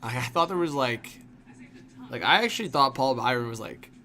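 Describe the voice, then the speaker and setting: Speaking at a normal speed, a young man goes through his hockey stream's chat in casual, rambling commentary heavy on fillers and "like." His mid-range voice is expressive with a sharp tone.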